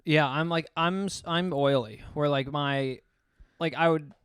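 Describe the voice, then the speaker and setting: A man's voice: fairly high pitch, fairly even intonation, unhurried, a bit bright, clear, resonant tone, dry recording. A young man co-hosting a comedy podcast, rambling through crude stories in casual banter. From United States. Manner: crude, rambling storyteller with acted quotes.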